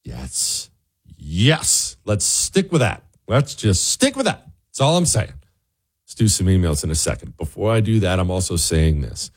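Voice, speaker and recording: A male talk radio host in full monologue, his pitch swinging widely as he presses his point. He sounds emphatic and sarcastic, and at times openly pleading. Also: big pitch swings, moderate pace, husky.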